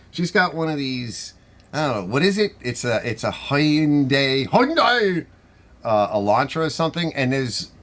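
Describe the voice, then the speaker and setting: A middle-aged man with a New York accent hosts a live stream, chatting casually and answering viewer comments in a rambling, conversational way. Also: medium pitch. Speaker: host of a garage channel live stream.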